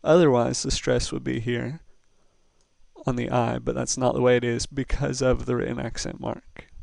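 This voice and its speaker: A man's voice: mid-range voice, creaky, clean tone, no room sound. A man teaching a recorded lesson, explaining step by step in a patient, methodical way. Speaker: Spanish teacher.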